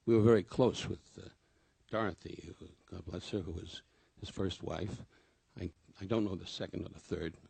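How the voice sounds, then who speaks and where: A man's voice: deep voice, normal speed, creaky, hardly any pauses, dark tone, slightly rough, dry recording. An older man, a comedian, giving a rambling, self-deprecating memorial tribute full of anecdotes.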